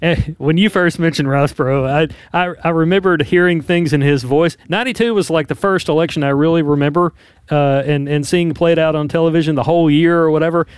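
A man on a radio talk show panel who delivers stories with energetic sports-commentator flair. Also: on the high side, a little fast, smooth, no echo. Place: radio studio. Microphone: studio microphone.

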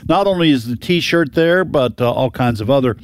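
A man's voice: mid-range voice, animated, normal speed, no room sound. A man co-hosting a radio show in a laid-back, joking way. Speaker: radio co-host. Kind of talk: casual radio chat.

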